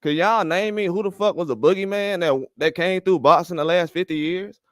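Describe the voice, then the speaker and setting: Here a fired-up, profane older man hosts boxing commentary, ranting heatedly and repeating rhetorical questions over and over. He speaks at a normal speed in a high, smooth, clear voice, captured dry with no room sound.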